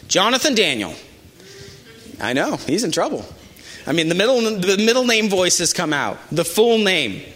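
A male pastor preaching a sermon in an animated, emphatic way with asides to the congregation. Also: sits high.

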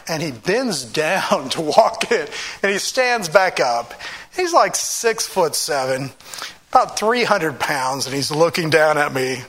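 A man preaching, with a bright, forceful edge to his voice and a somewhat high pitch. He tells his story with lively energy, laughing often and acting out what others said. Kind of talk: sermon storytelling.

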